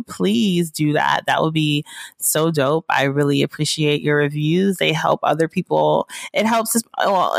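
A woman's voice: fairly low pitch, creaky, dry recording, clean studio sound. A woman hosting her own podcast, chatting casually in a rambling, giggly, laid-back way, sniffling now and then. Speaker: podcast host. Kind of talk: casual chat.

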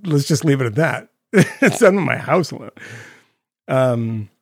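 A man's voice: medium pitch, lively intonation, a little slow, dry recording, studio quality. A man co-hosting a podcast, telling rambling funny stories in casual chat and laughing at his own jokes. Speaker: podcast co-host.

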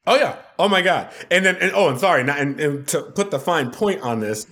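A man, a television producer and podcast guest, telling stories in a casual, animated way and laughing often. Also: on the high side, fairly quick. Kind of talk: casual storytelling.

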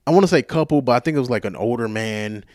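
A male podcast host telling a rambling story in casual chat, profane, animated and self-mocking, sounding tired. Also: medium pitch, fast talker, dry recording, studio quality.

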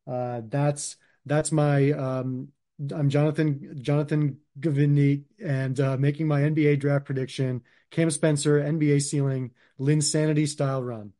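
A man's voice: a little high, level tone, a little slow, dark tone. A man co-hosting a casual sports podcast, talking loosely and hesitantly with many fillers. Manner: loose and hesitant, full of "like" and "you know". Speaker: podcast co-host.

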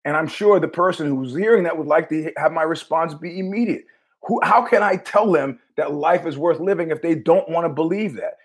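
A man's voice: a little high, a little fast, husky. A man hosting his own show, telling rambling stories in a wry, profane monologue full of restarts. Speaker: podcast host.

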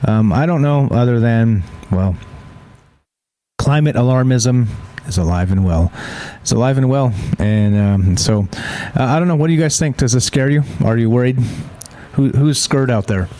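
A man's voice: mid-range voice, a little slow, creaky, mellow. A man hosting a live-streamed news show, reading articles aloud and rambling in asides to his listeners. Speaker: show host.

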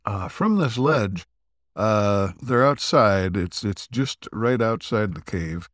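A man with a low voice hosts a casual podcast recap. He rambles through the plot with plenty of fillers and throat clearing. The sound is close and dry, with no room around it. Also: lively intonation, slow pace, fairly bright tone, dry recording. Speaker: podcast co-host.

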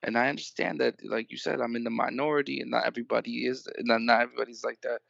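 A man's voice: mid-range voice, little pitch movement, quick pace, creaky, fairly bright tone, no echo, muffled recording. A man co-hosting a small podcast, talking hesitantly with stumbling restarts and the odd swear word. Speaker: podcast co-host. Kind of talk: casual podcast chat.

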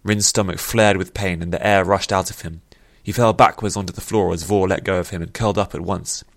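A man narrating a fantasy story in a steady, measured way. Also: low voice, vocal fry, no room sound, clean studio sound.

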